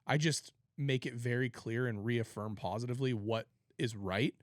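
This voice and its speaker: A man co-hosting a podcast in casual chat, explaining his views earnestly with quick joking remarks. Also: medium pitch, no echo, clean studio sound. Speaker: podcast co-host.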